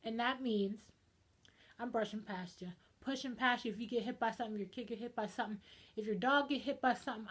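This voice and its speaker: A young woman ranting in a casual vlog, dramatic and animated, swinging between loud outbursts and hushed asides. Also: a little high, a little fast, husky. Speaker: vlogger.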